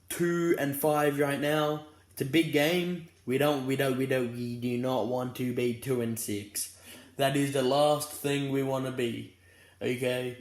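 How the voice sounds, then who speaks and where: A man's voice: mid-range voice, flat delivery, a little slow, echoey room. A young Australian man giving a casual, rambling footy fan preview, tired and yawning but fired up about his team. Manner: rambling and fired up, many restarts.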